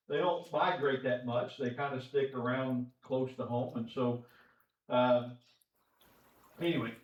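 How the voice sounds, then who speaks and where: Folksy preacher in an echoey church. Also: male voice, medium pitch. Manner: folksy, conversational, chuckles often. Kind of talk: Bible class teaching. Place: church auditorium. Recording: echoey church room, distant dull mic.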